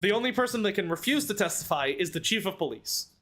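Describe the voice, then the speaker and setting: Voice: medium pitch, animated, fast, a bit bright. A let's-play commentator rambling through joking asides about a courtroom game. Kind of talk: casual gameplay commentary.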